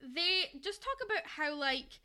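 A woman co-hosting a podcast in casual chat, lively and acting out lines from a film in put-on voices. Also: high voice, unhurried. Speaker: podcast co-host.

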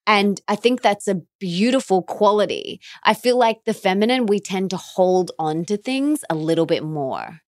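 A woman hosting a podcast in casual conversation, animated and quick to laugh. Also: mid-range voice, dry recording, studio quality. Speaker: podcast host.

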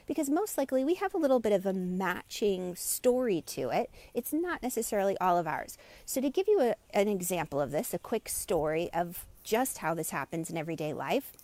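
A woman and meditation teacher talking on a live stream and giving gentle, inviting, unhurried guidance. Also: medium pitch, very animated, no room sound.

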